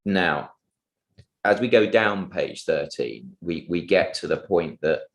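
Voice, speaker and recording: A man cross-examining a witness at a public inquiry, polite and halting, with many restarts and fillers. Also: low-pitched, animated, echoey room. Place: public inquiry hearing room.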